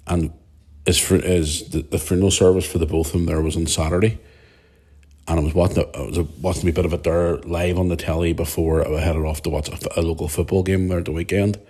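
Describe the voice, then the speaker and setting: A man talks alone into his podcast mic. His voice sits very low and sounds husky and rough. He rambles and gets emotional, and he swears freely. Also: darkish tone. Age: 40s. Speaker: podcast host. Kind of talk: casual monologue.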